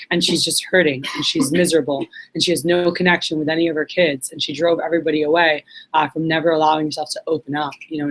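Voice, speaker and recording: Young woman from puerto rico telling stories onstage, casual, lots of fillers, acts out the quotes. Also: sits low. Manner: candid, animated storytelling with fillers and acted quotes. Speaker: speaker. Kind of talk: personal storytelling talk. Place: event hall.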